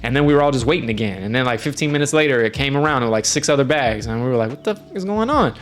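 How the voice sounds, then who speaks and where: A man's voice: medium pitch, racing. Chatty American man telling travel stories. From United States. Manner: chatty, friendly, rambling with fillers. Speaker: streamer host. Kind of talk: casual storytelling. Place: indoors, lives in Norway.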